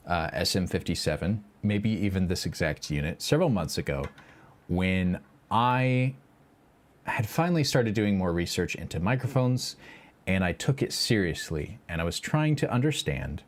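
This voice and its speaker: Deep-voiced Midwestern man, lively pitch. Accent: Midwestern American. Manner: rambling, with frequent fillers and chuckles. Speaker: livestream host. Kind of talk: casual live-stream chat. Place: home project room. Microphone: dynamic or lavalier mic, close.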